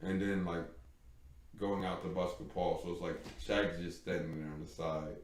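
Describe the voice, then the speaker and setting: A man's voice: sits low, normal speed, slight background noise. A man co-hosting a live stream, telling a long story in casual chat and acting out the voices of the people in it. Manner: animated storyteller acting out quoted dialogue. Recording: echoey room.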